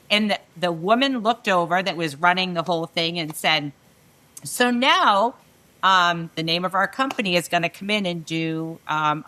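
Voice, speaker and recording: Bright, animated woman telling a story. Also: fairly low pitch. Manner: animated storyteller who acts out quoted dialogue. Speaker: guest. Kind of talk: panel conversation, storytelling.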